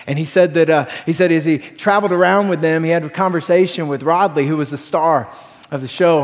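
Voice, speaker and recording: A man preaching a sermon as pastor, energetic and telling stories with voiced quotes. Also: on the high side, big-room sound. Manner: energetic, storytelling with acted quotes.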